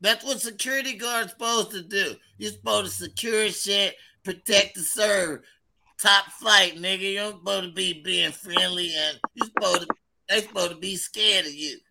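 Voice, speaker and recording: Man, podcast co-host, gravelly, very bright, high voice, brash casual chat. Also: moderate pace. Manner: brash, laughs a lot, poses hypotheticals.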